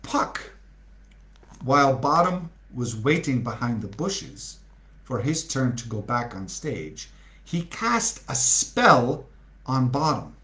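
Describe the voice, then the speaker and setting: A man's voice: mid-range voice, very animated, slow, pushed and bright. A man reading a storybook aloud to a live audience, playfully asking them questions as he goes. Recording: roomy echo.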